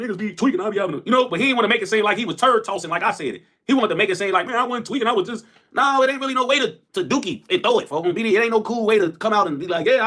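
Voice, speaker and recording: A young man who tells stories and jokes on a live stream, animated and profane, saying "folks" constantly. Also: high-pitched. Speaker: livestreamer. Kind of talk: storytelling and joking on a live stream.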